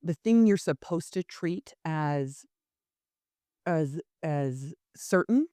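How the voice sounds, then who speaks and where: A woman, an improv teacher and coach, telling a candid personal story as a podcast guest, expressive and quick to laugh. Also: sits low, no echo, studio quality. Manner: expressive, laughs often, frequent restarts.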